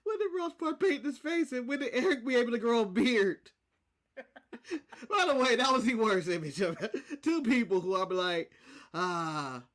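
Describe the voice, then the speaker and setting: A man's voice: extremely high pitch, lively intonation, moderate pace, a bit bright. A man co-hosting a casual wrestling podcast, blunt and often laughing. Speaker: podcast co-host.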